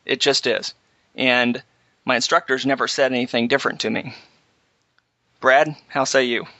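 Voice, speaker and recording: A man hosting a casual chat, telling a halting, animated story about flying. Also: mid-range voice, dry recording. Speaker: podcast host, pilot. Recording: slightly dull, dry audio.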